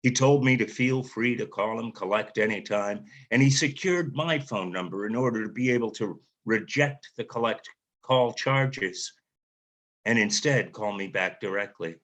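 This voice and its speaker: A man, an author, reading his own memoir aloud in a measured, reflective way. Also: lowish voice, a bit bright.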